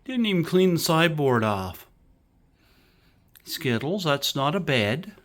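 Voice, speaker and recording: A man's voice: fairly high pitch, animated, measured pace. Man cooing baby talk at his cat. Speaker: cat owner filming his pet. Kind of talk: casual pet vlog chat. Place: indoors in an apartment.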